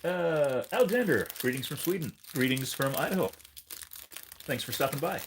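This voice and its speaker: A man's voice: a little high, animated, moderate pace, slight background noise. A man hosting a casual livestream, chatting in a rambling way and breaking off to talk to his dog. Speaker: livestream host.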